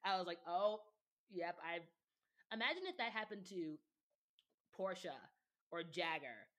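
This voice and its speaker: A woman's voice: lowish voice, normal speed. Chatty woman gossiping, laughing. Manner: chatty, animated, laughs often, quotes people in voices. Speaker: podcast guest. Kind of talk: casual chat about reality TV.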